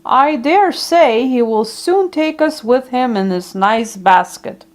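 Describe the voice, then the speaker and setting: Reading a kids' story aloud, this high-voiced woman moves through each phrase without rushing. Her tone is soft and relaxed for small listeners, with lively intonation throughout.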